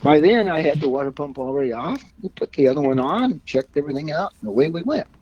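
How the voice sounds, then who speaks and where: Fairly high-pitched, expressive and fast, with a slightly rough edge, this older car-club member tells rambling, folksy stories as a guest, swearing mildly along the way. The recording is dull and lo-fi with no echo.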